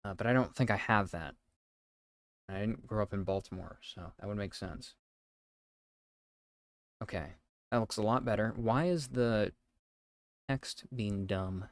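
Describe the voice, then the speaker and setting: A man's voice: fairly low pitch, no room sound, studio quality. A young man from the East Coast of the United States, casually chatting on a live stream while thinking aloud as he codes. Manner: thinks aloud while coding, reading code slowly.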